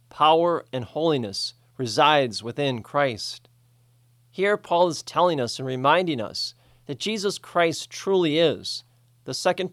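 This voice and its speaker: A man preaching a sermon in a slow, measured, deliberate way. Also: fairly high pitch, a bit bright, dry recording, studio quality.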